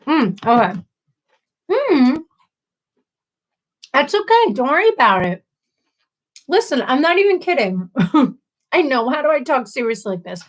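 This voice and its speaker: A woman's voice: high voice, sing-song, unhurried, pauses often. A woman hosting a casual live stream, reading viewer comments aloud and answering them with sympathy and playful asides. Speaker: livestream host.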